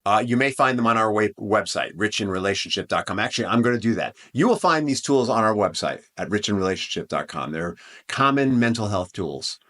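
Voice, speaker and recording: A man's voice: on the low side, lively intonation, brisk, a bit bright. A man hosting a relationship advice podcast, talking in an earnest, conversational way with frequent restarts and asides. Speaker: podcast host.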